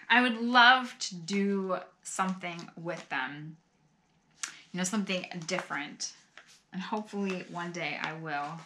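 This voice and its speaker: A middle-aged woman chatting casually as she opens fan mail at home, gushing and exclaiming, with soft sighs and laughs. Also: lowish voice, measured pace, pauses often, noisy background. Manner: often sighs and laughs softly. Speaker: vlogger opening fan mail. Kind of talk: casual chat.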